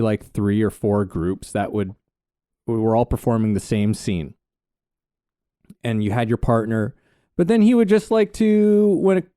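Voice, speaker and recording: Man recalling a story on a podcast, mellow voice, dry close mic, lots of "like" and restarts. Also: medium pitch, smooth, dry recording. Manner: storytelling, hesitant, many fillers. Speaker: podcast co-host. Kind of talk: casual conversational podcast.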